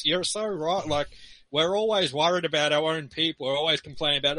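Bright-voiced Australian man chatting. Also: a little high, fairly quick, dry recording, poor audio. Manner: rambling, loose, laughs between points. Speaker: forum participant. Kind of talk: casual group discussion.

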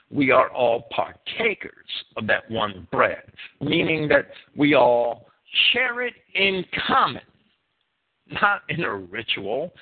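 A man with a New Jersey accent teaching a Bible sermon, emphatic and deliberate, stretching his key words. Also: mid-range voice, husky. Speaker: preacher. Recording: phone-like narrow sound.

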